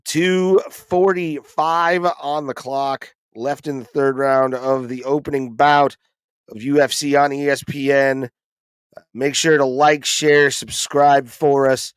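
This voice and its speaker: Slow-talking man ranting over a fight stream. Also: fairly high pitch, a bit bright, smooth, no echo. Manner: frustrated, profane ranting with many fillers. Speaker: livestream host reacting to fights. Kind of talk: casual live reaction commentary.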